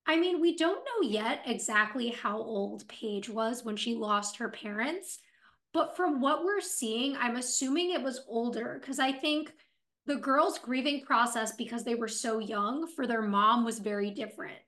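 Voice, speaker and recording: A woman's voice: a little high, measured pace, a bit bright. A woman co-hosting a podcast, chatting casually and reflecting thoughtfully on characters and their grief. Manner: reflective, analyzes characters' feelings. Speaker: podcast co-host. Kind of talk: casual TV recap chat.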